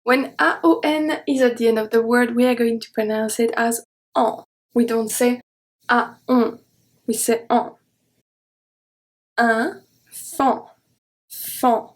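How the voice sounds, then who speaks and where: A woman teaching a French pronunciation lesson, saying each example word slowly and carefully and repeating it. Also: fairly high pitch. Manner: slow, careful enunciation of example words. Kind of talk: online language lesson.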